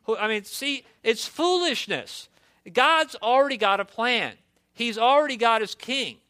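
A young man preaching with a high, bright voice. He builds his points with passion and keeps firing rhetorical questions at the congregation. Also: unhurried. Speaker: pastor. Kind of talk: sermon.

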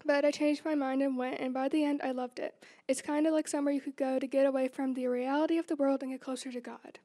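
A woman's voice: high voice, level tone, fast, dark tone. A teenage girl earnestly reading a prepared testimony to her church. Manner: reads prepared remarks, earnest. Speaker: youth group member.

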